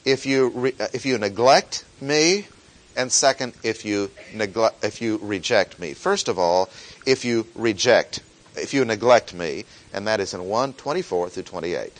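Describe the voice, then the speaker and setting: A male preacher delivering a Sunday sermon, his pitch rising and falling widely as he leans into each quoted verse. He slows and lifts his voice to plead, then drops back to plain explanation. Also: lively intonation, rough recording.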